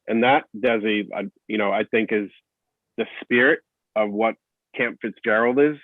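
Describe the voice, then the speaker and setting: A man hosting a podcast interview, relaxed and prompting his guest. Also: fairly low pitch, moderate pace, no echo. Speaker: host. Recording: tinny dry phone line.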